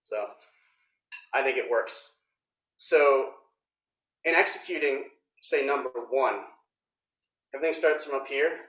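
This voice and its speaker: A man teaching snare drum technique in a workshop, explaining step by step in a relaxed way with frequent ums. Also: mid-range voice, a little slow, pauses often, recorded from a distance. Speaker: drum instructor. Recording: roomy echo.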